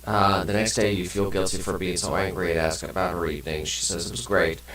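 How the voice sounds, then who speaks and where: Brief: low-voiced man doing loose, cussing let's play commentary in a roomy space. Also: steady tone, brisk, a bit bright, distant mic. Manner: rambling, swears casually, many fillers. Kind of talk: casual gameplay commentary, reading game text aloud.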